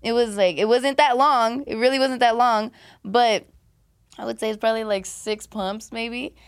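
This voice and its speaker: A woman's voice: on the high side, fairly even intonation, normal speed, clean tone. Blunt, profane young woman telling her story. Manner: blunt and profane, heavy use of "like". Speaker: podcast guest. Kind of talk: candid personal storytelling.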